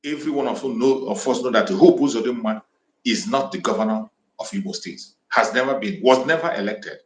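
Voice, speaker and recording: A man's voice: mid-range voice, a little fast. A man from southeastern Nigeria, making fiery, repetitive, defiant declarations as he hosts an impassioned livestream address on a home microphone. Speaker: activist livestream host. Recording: echoey room.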